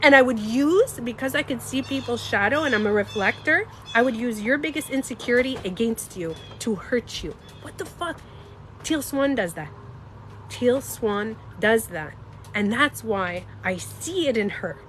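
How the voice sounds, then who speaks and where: A woman talking casually to her live-stream viewers, animated and emphatic, swearing and laughing as she goes. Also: fairly high pitch, normal speed, a little hiss or hum. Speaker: beauty coach and vlogger.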